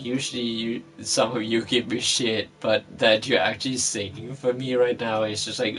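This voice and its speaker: A man's voice: mid-range voice, level tone, normal speed, hardly any pauses, fairly bright tone. A man vlogger telling a personal story in a casual, rambling way, with many fillers and frequent swearing.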